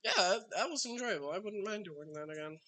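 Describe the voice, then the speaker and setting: A man commentates a card game on a live stream in a slightly high, very bright and sharp voice. He chats loosely as he plays and keeps talking straight to his opponent. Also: lively intonation, fairly quick. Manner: chatty, talks to his opponent while playing.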